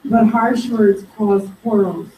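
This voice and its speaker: Woman reading verses, mellow and distant. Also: medium pitch, takes it slowly, a little hiss or hum. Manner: steady plain reading of numbered verses. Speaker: Bible study participant. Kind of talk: reading scripture aloud. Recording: roomy, distant, faint background.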